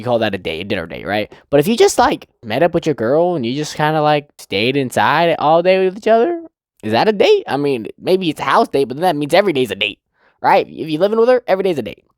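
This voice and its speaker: A man's voice: fairly high pitch, darkish tone, dry recording, studio quality. A man hosting a manga review channel, chatting casually with his viewers, swearing freely and laughing often. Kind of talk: casual commentary to chat.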